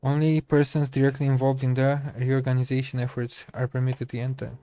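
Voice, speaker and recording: A man's voice: mid-range voice, monotone, fairly quick, dark tone, natural voice. A man who is feeling unwell, voicing a stern, officious male custodian in a game with formal, clipped refusals. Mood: curt.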